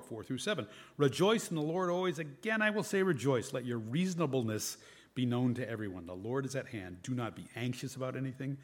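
Male preacher, mid-pitched, conversational sermon delivery, reads and reflects on scripture. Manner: conversational, reads scripture aloud with varied emphasis.

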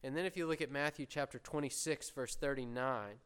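A man preaches a sermon in a smooth, clear voice, neither high nor low. He talks earnestly through scripture and slows down to voice the prayers with swelling emphasis. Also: fairly bright tone.

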